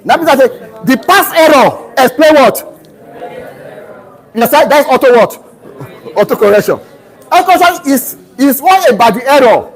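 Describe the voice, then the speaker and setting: Nigerian guy lecturing a class, really high voice, keeps going "what?" for students to finish his sentences. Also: lively intonation, moderate pace, pauses often, low-quality recording. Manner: drills students with fill-in-the-blank questions ending in "what?"; teaches through homely family anecdotes. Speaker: university lecturer. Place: lecture room.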